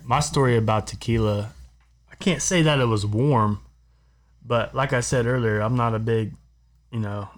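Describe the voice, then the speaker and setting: A man's voice: mid-range voice, normal speed. A man co-hosting a podcast in a studio, telling a long casual story among friends, rambling, repeating himself and laughing as he goes. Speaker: podcast co-host.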